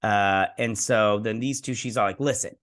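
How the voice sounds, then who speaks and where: A man's voice: on the low side, fairly even intonation, normal speed, fairly bright tone. A man hosting a TV review, casually recapping an episode in a rambling way with lots of fillers and quoted lines. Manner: rambling retelling full of fillers and "he's like" quotes. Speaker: host and TV reviewer.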